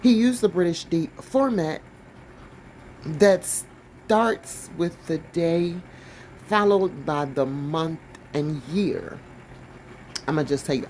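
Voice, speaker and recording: Low-pitched and measured, pausing often, this woman's darkish voice comes through a low-quality recording with slight background noise. Reading a news piece aloud, she interrupts herself with sassy, blunt remarks, occasionally stumbling on words.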